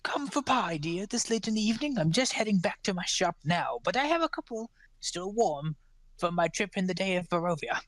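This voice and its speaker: Man doing old crone pie seller, tabletop game, shrill and sugary, dry sound. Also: lively intonation, fairly quick, fairly bright tone, no room sound. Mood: sweet. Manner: sugary, doting old-lady voice. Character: old female hag pie seller, sweetly sinister. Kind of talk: tabletop role-play.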